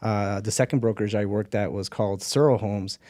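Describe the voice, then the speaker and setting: A man in his forties hosting a podcast, reminiscing in a relaxed way with many "uh" and "I think". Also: on the low side, a little fast, dry recording, clean studio sound. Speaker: podcast host, real estate agent. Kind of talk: casual podcast interview.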